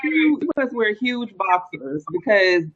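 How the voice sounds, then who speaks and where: A woman's voice: mid-range voice, very animated, takes it slowly, muffled recording, a loud crowd. A woman questioning a guest in a casual chat, incredulous and probing.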